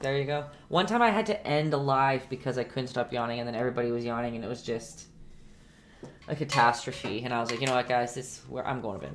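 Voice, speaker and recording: Low-voiced young woman doing a chill live painting class, chatty, keeps laughing and talking to her viewers. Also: fast talker, a little hiss or hum. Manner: chatty, laughs often, talks to viewers by name. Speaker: painting instructor. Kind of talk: casual live-stream painting lesson. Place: home painting setup.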